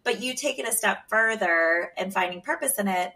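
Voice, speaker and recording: A woman's voice: mid-range voice, expressive, normal speed, bright, forceful tone, recorded from a distance. A woman hosting an interview, affirming her guest and reflecting on what he shares. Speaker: podcast host. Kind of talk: interview conversation.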